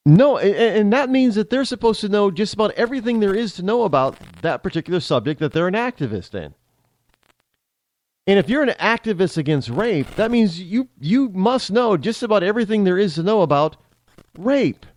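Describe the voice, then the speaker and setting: A man's voice: high voice, brisk. A man hosting a talk show, delivering a rambling casual monologue with lots of restarts and repetition. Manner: animated, rambling, repeats himself and spells out names.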